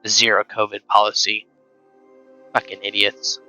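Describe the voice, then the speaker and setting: A man's voice: lowish voice, flat delivery, moderate pace, pushed and bright, soft background music, low-quality recording. Sarcastic rambling male streamer. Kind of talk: casual rant while streaming.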